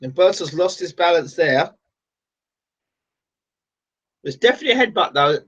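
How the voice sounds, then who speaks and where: A man commentating live on a boxing match from his own setup, venting his disgust as the rounds go on. His voice sits fairly high, and the recording is dull and lo-fi. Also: quick pace. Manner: exasperated, ranting, swings to excited shouting.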